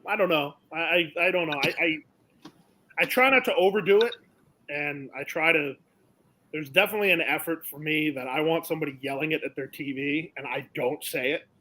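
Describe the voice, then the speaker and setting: Bright-voiced young racetrack announcer, man. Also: on the high side, low-quality recording. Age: young adult. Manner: animated storyteller, acts out the people in his stories. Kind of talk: casual interview storytelling.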